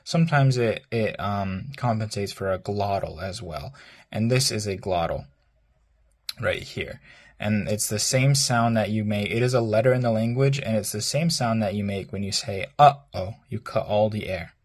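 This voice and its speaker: A man teaching a language lesson, hesitant with many ums, spelling out words and repeating phrases slowly. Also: fairly low pitch.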